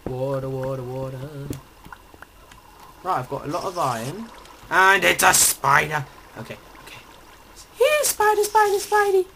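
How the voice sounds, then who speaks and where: A man commentating his own video game play in an animated way, pleading with and taunting the monsters and sometimes dropping into a whisper. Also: medium pitch, unhurried, vocal fry, pauses often, a little hiss or hum. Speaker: let's play gamer.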